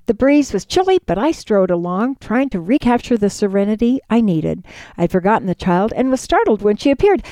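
A woman reads a first-person story aloud with expressive, measured delivery. Her voice sits at a middle pitch and is recorded close and dry, with no room echo.

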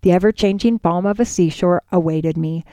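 A woman reading a first-person story aloud in an expressive, measured way. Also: lowish voice, dry recording.

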